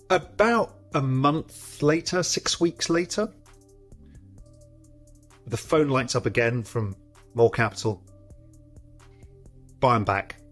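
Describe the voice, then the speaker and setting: A man tells a trading story in a slightly husky voice, animated and casual, acting out the voices on the other end of the phone. Faint music plays underneath. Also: medium pitch. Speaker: interview guest, former trader. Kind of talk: storytelling anecdote.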